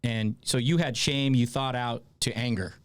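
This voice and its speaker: Male host, mid-pitch, dry close sound, irreverent and profane. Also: fairly even intonation, clear, resonant tone, no echo. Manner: irreverent, profane, quick to laugh. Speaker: podcast host, veteran. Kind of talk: casual interview conversation.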